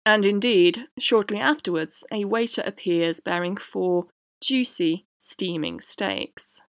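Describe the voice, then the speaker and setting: A woman hosting a podcast, reading a prepared essay in a measured way. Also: medium pitch, lively intonation, no room sound, studio quality. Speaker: podcast host. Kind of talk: scripted essay narration.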